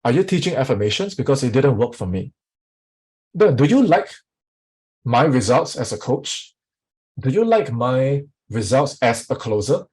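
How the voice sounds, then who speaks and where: A man as a sales coach teaching a live online workshop, energetic and often putting questions to the audience. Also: medium pitch, moderate pace, breathy edge, rough recording.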